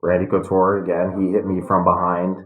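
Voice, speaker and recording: A middle-aged man telling stories in a podcast interview, calm and reflective. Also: low voice, brisk, narrow, tinny audio. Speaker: guest, retired fighter. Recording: echoey room.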